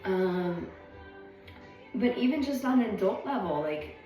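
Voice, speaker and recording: A woman's voice: medium pitch, expressive, unhurried, dark tone, far from the mic. Rambling woman in an echoey room. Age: adult. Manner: meandering, reflective, many ums. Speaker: vlogger. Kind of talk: casual rambling monologue. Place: at home. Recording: echoey room, voice off-mic, faint music.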